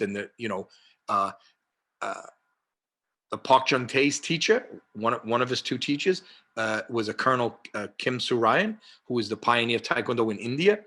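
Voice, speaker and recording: A man in his sixties with a New York accent, a guest telling rambling anecdotes full of fillers over a video call. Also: mid-range voice. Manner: rambling, many fillers and restarts, animated anecdotes. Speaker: martial arts historian guest. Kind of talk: casual storytelling interview.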